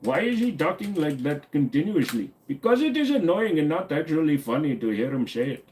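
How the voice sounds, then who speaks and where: A man's voice: a little high, sing-song, brisk, few pauses, darkish tone. A man hosting a livestream in casual chat, joking and swearing freely with viewers. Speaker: streamer host.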